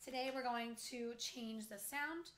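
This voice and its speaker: Woman, phonics teacher, slow and deliberate, letter-by-letter sounds, higher voice. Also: slight background noise. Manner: clearly sounding out letters one by one. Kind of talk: slow phonics lesson for young children. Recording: echoey room.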